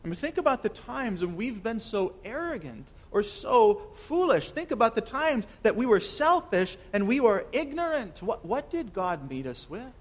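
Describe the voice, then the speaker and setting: A young man preaching a sermon earnestly. He asks rhetorical questions and repeats words, swinging between loud emphasis and soft, quiet lines. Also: high voice, big pitch swings, normal speed, hardly any pauses. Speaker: pastor.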